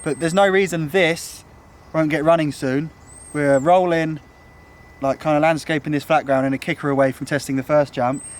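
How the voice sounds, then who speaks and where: A man's voice: on the high side, fairly even intonation, normal speed. Enthusiastic young man outdoors, out of breath. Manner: enthusiastic, chatty. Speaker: vlogger. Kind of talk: casual vlog walkthrough. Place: outdoors at a building site.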